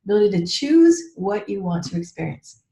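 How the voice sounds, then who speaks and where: A woman's voice: medium pitch, very animated, a little fast, mellow. Candid, chatty woman mentor in an echoey room. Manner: chatty and candid, many "like"s and "right?" check-ins; frank, with mild swearing. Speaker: business mentor leading a training call. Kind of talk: teaching a group call, casual and personal. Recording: roomy echo.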